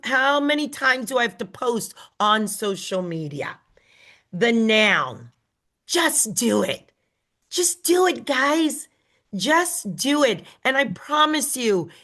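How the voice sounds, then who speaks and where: A woman's voice: sits high, sharp tone. A middle-aged woman team leader giving an emphatic, emotional motivational talk to her group. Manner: emphatic, emotional, slow and deliberate.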